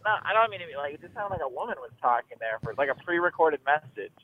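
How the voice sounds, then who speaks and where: A man's voice: fairly high pitch, very animated, fast talker, narrow, tinny audio, slight background noise. A man on speakerphone while driving, talking in a rambling, hedging way. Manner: rambling, hedging, laughs easily. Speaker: friend calling in. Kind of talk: casual phone chat. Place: car, driving. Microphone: phone on speaker.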